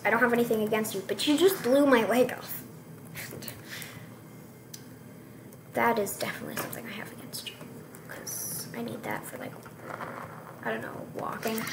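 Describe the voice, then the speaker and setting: A young female gamer giving playful, joking commentary while she plays, with sudden excited outbursts. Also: a little high, background noise. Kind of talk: casual gameplay commentary.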